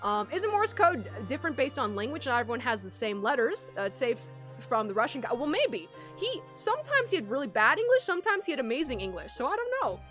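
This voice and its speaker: A woman streaming a video game, chatting casually with excitable, slangy reactions. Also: sits high, quick pace, faint music behind.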